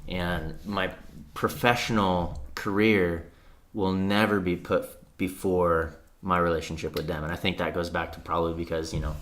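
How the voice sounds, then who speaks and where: A man's voice: low-pitched, level tone, moderate pace, fairly bright tone. A man in his thirties, a podcast guest, talking earnestly and reflectively, with frequent "like" and casual swearing. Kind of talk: candid conversation.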